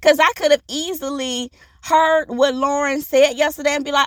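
A woman hosting a podcast, telling an inspirational story in an animated, preachy way and acting out the voices in it. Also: sits high, normal speed, no echo, studio quality. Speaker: podcast host.

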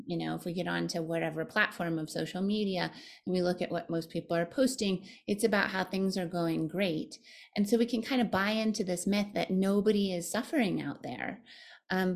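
A woman meditation teacher, a podcast guest, speaking in a reflective, gentle and thoughtful way. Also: mid-range voice, vocal fry. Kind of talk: podcast conversation.

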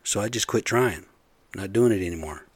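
Speaking at a fairly low pitch and moderate pace, a construction site supervisor sounds slightly rough in a recording with no echo. He delivers a casual rant to camera, bluntly and profanely venting his frustration with careless workers.

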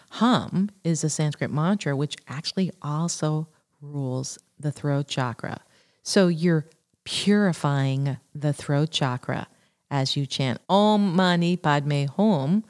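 Calm woman, low voice, very unhurried spiritual teacher explaining mantras. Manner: calm, measured, explains each syllable.

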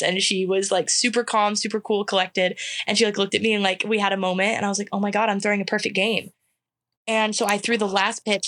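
Chatty young woman telling stories. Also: medium pitch. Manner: animated, acts out quotes, laughs often. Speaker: softball pitcher guest. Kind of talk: casual interview storytelling.

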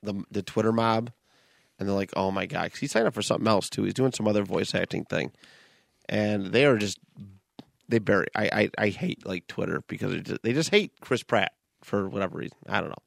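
Gravelly-voiced podcast co-host, casual. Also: male voice, lowish voice, brisk, no room sound, clean studio sound. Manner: loose, swearing, laid-back ranting. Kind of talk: casual chat.

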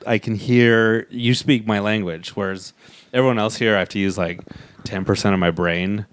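A man's voice: fairly low pitch, steady tone, normal speed. A young man from Utah in casual, joking chat, trailing off and restarting his sentences.

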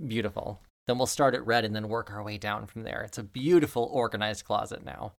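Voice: medium pitch, fairly even intonation, a little fast, gravelly. A game master casually narrating and describing scenes in a tabletop game.

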